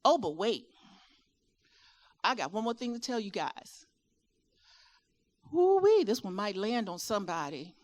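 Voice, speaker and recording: A woman's voice: mid-range voice, a little slow, long pauses. A middle-aged woman from Virginia with a Southern accent gives a motivational talk at a caregiver expo, often putting questions to her audience. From Virginia, USA. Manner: animated, asks the audience questions, rising and falling delivery. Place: expo hall with a live audience.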